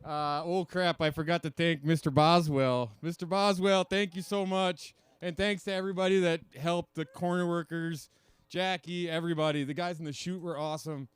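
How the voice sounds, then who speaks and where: A man racer from Wisconsin who placed third, cheerful and excitable as he thanks everyone. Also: fairly high pitch, moderate pace, smooth, no room sound. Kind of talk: post-race interview.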